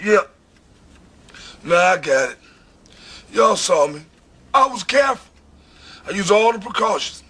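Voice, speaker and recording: A loud, griping sitcom dad, put on by a man, who has had it with everyone around him. His voice is pitched high and sharp, with a raspy edge. He complains in short, exasperated bursts. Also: big pitch swings, measured pace, long pauses, full character voice. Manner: shouting, complaining comic impression.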